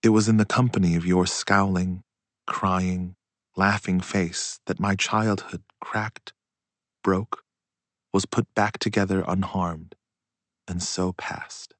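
A man reading a literary story aloud in a slow, hushed and reflective way. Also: low voice, flat delivery, dry recording. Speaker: audiobook narrator. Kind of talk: literary audiobook narration.

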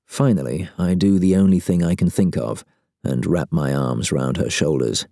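A man reads a first-person novel with wry, sardonic timing. His voice sits very low and sounds mellow and dark. The recording is close and dry. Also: moderate pace, vocal fry, dry recording. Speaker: audiobook narrator. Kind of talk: first-person audiobook narration.

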